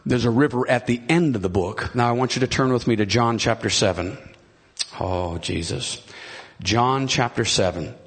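A middle-aged man preaching a sermon, retelling a scripture story with excitement. He often repeats and restarts phrases and calls out to the congregation. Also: medium pitch, normal speed, husky.

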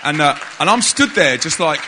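A man's voice: mid-range voice, lively intonation, quick pace, a crowd in the background, noisy background. A man, preaching in a church in a jokey, conversational way and calling out to the congregation. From England. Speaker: visiting preacher. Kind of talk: lively church talk. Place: church hall.

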